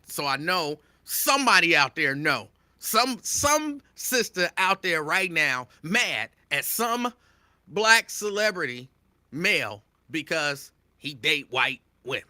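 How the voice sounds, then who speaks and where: A man's voice: on the high side, measured pace, no room sound. A male talk show host giving his opinions straight to listeners in an emphatic, repetitive way, addressing them directly. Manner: animated, emphatic, repeats his points, addresses listeners as y'all.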